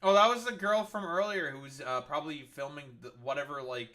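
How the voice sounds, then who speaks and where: Guy streamer ranting at news clips, sarcastic, swears nonstop, bright edgy voice. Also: fairly high pitch, fairly quick. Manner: sarcastic, profane ranting with many fillers. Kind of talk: political commentary livestream.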